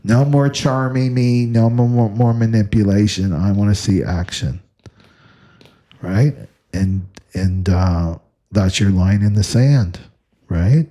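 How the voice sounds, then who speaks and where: A man's voice: on the low side, slow, warm tone. A man giving an unscripted spiritual astrology talk, repeating phrases and tagging "right?" onto almost every point. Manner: repetitive, asks "right?" constantly. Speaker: astrology teacher.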